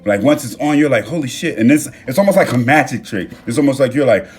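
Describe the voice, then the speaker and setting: A young man hosting a casual motivational livestream, animated and freely swearing as he talks straight to his viewers on a phone mic. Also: mid-range voice, quick pace, husky, soft background music. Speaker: livestream host.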